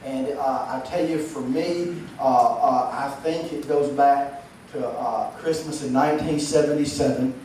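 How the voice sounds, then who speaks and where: A man's voice: mid-range voice, steady tone, measured pace, dark tone. A man, giving a humorous speech and stuttering, repeating words as he goes. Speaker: motivational speaker. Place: large hall. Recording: echoey hall from far off, noisy.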